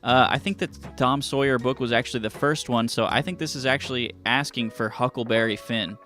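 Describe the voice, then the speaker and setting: A man's voice: mid-range voice, brisk, sharp tone, faint music behind. Joking man streaming trivia. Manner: joking, rambling, reads clues aloud. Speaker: streamer playing a trivia game with chat. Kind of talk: casual live-stream commentary.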